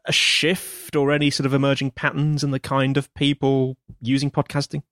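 A man's voice: medium pitch, completely flat delivery, normal speed, a bit bright, dry recording, clean studio sound. A man hosting a podcast interview, asking questions with friendly jokes. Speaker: podcast host.

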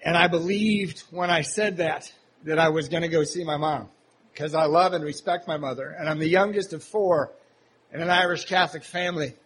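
A man from the US Pacific Northwest telling his recovery story to a meeting, candid and self-deprecating, often halting with fillers. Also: a little high, steady tone, fairly bright tone, a little hiss or hum, rough recording. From Seattle, Washington, USA. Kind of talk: personal recovery story told to a live audience.

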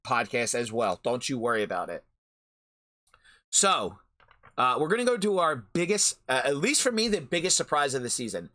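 A man's voice: sits high, sharp tone. Fired-up, profane man ranting. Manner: profane, heated, repeats phrases for emphasis. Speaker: podcast host. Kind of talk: anime review rant. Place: home recording during a storm.

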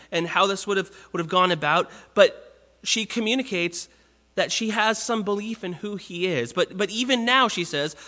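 A man's voice: sits high, sharp tone, in a large hall. A man preaching a sermon in an earnest, conversational way, often restarting phrases.

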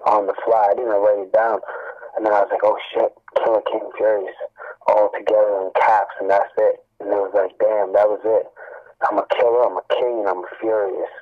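A man, a rapper, talking casually in an interview, relaxed and slangy, tagging "man" onto his sentences. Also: lowish voice. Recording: tinny phone-like line.

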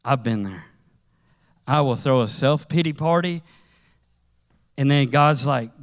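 A man preaching a sermon in a conversational, animated way, with casual slang as he tells stories. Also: medium pitch, slow, pauses often.

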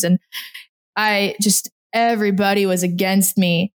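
A woman's voice: mid-range voice, fairly even intonation, moderate pace. Chatty young woman telling a story. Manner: chatty, quotes people in little voices, laughs often. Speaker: guest. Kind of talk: casual chat.

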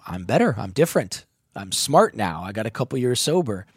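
A man's voice: on the low side, brisk, slightly rough, dry recording, clean studio sound. A man telling a candid personal story, emotional and full of swearing. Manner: emotional, profane, animated storytelling.

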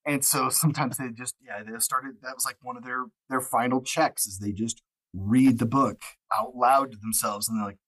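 A male audiobook narrator chatting as a guest, with a mid-pitched everyday voice. He tells stories in loose, looping sentences, and he falls into the voices of the people he quotes. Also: fairly even intonation, moderate pace, a bit bright, no room sound, low-quality recording. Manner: rambling storyteller, acts out quoted exchanges. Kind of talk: casual interview chat.

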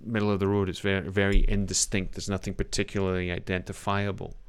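A British acting coach giving a scene critique in class. His voice sits fairly low, and he talks in an animated, emphatic way, often acting lines out to make a point. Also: quick pace, clean tone. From Britain.

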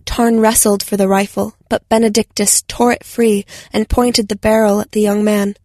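A woman narrating a science fiction story in a steady, measured audiobook style. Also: mid-range voice, dry recording, clean studio sound.

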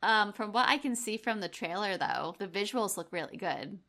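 A woman co-hosting a casual podcast chat, upbeat with quick short replies. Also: mid-range voice, lively intonation, sharp tone. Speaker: podcast co-host.

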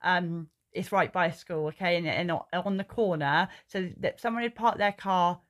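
A woman's voice: lowish voice, moderate pace, fairly bright tone. A woman, a podcast co-host telling stories in casual chat, swearing freely. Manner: swears a lot, tells stories animatedly.

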